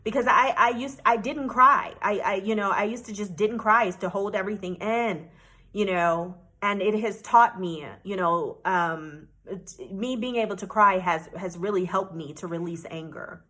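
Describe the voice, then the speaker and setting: A woman's voice: mid-range voice, pushed and bright. A woman travel vlogger from the United States telling a personal story to camera, earnest and emotional with frequent restarts.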